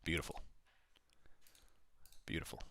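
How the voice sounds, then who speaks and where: A man's voice: a little slow, fairly bright tone, no echo. A man hosting a live day-trading stream, calling price levels and answering chat questions in a chatty way. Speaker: livestream day-trading host. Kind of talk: live market commentary. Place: small studio.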